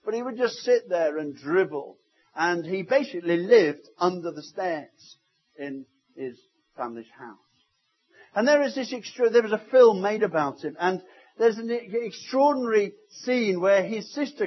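High, husky-voiced preacher man. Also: dull audio. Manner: storytelling preacher, swinging from loud to hushed. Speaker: pastor. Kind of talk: sermon. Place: church service.

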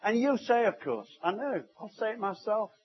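High, husky-voiced preacher man. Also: big pitch swings, moderate pace, muffled recording. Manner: storytelling preacher, swinging from loud to hushed. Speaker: pastor. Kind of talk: sermon. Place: church service.

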